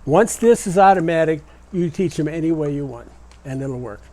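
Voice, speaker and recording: A man's voice: on the high side, lively intonation, normal speed, mellow, rough recording. An older man demonstrating motorcycle repair step by step, patiently instructing a learner. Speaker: mechanic teaching motorcycle repair. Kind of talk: hands-on demonstration.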